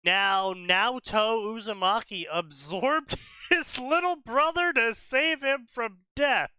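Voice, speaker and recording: Casting note: high-voiced man reading fanfic blurbs with mocking sarcasm, crisp dry mic. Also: takes it slowly, pushed and bright, no room sound. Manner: sarcastic, reads summaries aloud in a mocking tone. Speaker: co-host reading fanfiction summaries. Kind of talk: casual commentary stream.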